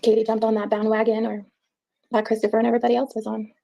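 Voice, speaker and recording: A woman giving an emotional personal account in an interview, halting and repeating words as she speaks. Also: on the high side, monotone, creaky, mellow, low-quality recording.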